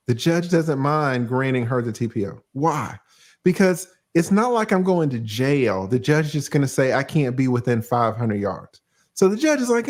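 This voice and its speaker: A man hosting a casual livestream, breaking down legal cases in a blunt, profane way and acting out judges in quick asides. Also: mid-range voice, sing-song. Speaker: livestream host, lawyer.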